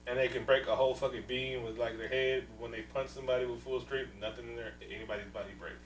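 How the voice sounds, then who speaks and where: A man co-hosting a podcast, casually recapping a movie, loud, swearing freely and acting out scenes, laughing often. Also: medium pitch, steady tone, fast talker, roomy sound, recorded from a distance, slight background noise, poor audio. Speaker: podcast co-host.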